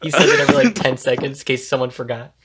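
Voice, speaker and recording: A man's voice: mid-range voice, sing-song, racing, a crowd in the background. A man co-hosting a casual podcast, swearing freely and laughing often. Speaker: podcast co-host. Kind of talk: casual chat.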